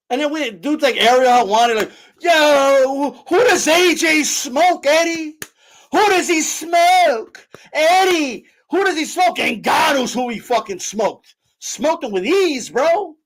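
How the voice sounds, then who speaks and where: High-pitched man in a profane rant. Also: a bit bright. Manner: profane, heated, mocking. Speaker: boxing streamer. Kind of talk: live-stream rant.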